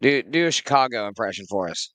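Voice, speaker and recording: A man co-hosting a podcast, joking crudely and deadpan in casual banter. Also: mid-range voice, fast talker, dry recording.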